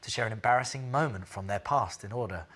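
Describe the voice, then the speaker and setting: A man co-hosting a weekend television show, linking segments and bantering with guests in a quick, jokey way. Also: lowish voice, a bit bright. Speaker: co-host. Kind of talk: TV presenting and banter. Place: TV studio.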